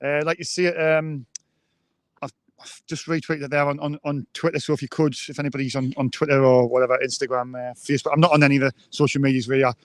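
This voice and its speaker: A man's voice: mid-range voice, little pitch movement, fast talker, no echo. A man co-hosting a live football fan show, hesitant, with many ums and restarts. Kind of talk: live fan podcast chat.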